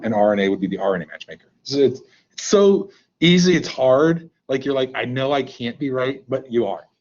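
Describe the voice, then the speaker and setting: A man's voice: mid-range voice, very animated, a little fast, a little mellow, lo-fi sound. A male teacher leading a live online class in a playful, joking way, coaxing students to answer, over a computer mic on a video call.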